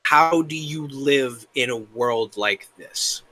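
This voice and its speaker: A young man talking casually as an interview guest, rambling and halting, with the occasional curse. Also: mid-range voice, pushed and bright. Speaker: guest, worldbuilding creator.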